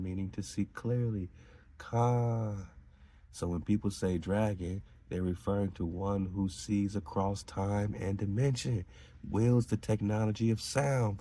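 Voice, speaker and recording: A man's voice: deep voice, mellow, husky. A man hosting a podcast who reads out and riffs on esoteric lore in an emphatic, preaching way. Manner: emphatic, preachy, laughs between lines. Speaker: podcast host. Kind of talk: reading aloud and riffing on esoteric lore.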